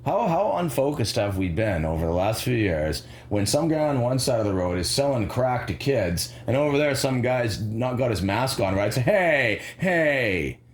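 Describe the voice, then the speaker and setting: A man's voice: medium pitch, normal speed, hardly any pauses. Sarcastic rambling man, echoey room. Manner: sarcastic, animated, mimics voices. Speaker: commentary vlogger. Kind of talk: rambling casual commentary.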